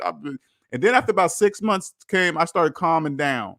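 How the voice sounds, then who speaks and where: A man in his forties with an American accent talks loosely on a livestream, his voice sitting slightly higher than most men's. The sound is close and dry, with no room around it. He rambles through stories with plenty of restarts. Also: animated, a little fast, fairly bright tone, no echo. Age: 40s. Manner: rambling storytelling with many restarts. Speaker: host of a debt-free finance livestream. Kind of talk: casual livestream chat.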